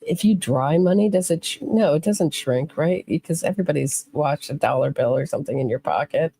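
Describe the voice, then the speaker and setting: A woman hosting a true crime podcast live stream, chatting casually, thinking out loud and reading comments from the chat. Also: sits low, expressive, fairly quick, gravelly, slightly rough, no echo.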